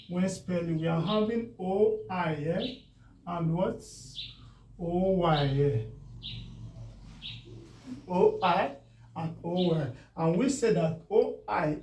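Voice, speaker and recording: A man teaching a beginners' spelling lesson, repeating each word slowly and often asking whether it is clear. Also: high voice, a little mellow. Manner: slow and deliberate, repeats words and checks understanding. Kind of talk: classroom phonics lesson. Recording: echoey room, voice from a distance.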